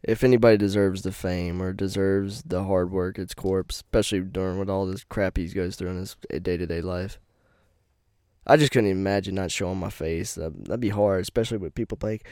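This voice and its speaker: A man's voice: steady tone, fairly quick, darkish tone, no echo, studio quality. A man hosting a podcast in casual chat, laid-back and laughing often. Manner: laid-back, laughs often, drops into deep put-on voices. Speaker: podcast host.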